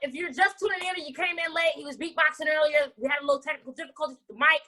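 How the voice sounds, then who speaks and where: A woman emceeing a live online talent show, playful and loud, with dramatic outbursts. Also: high-pitched, racing. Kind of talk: energetic live event hosting.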